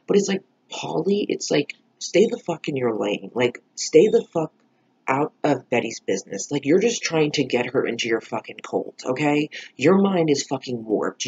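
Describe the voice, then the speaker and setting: Creaky, husky man ranting about a show. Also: medium pitch, lo-fi sound. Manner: heated, swearing, filler-heavy rant. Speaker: TV episode reviewer. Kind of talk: casual reaction review.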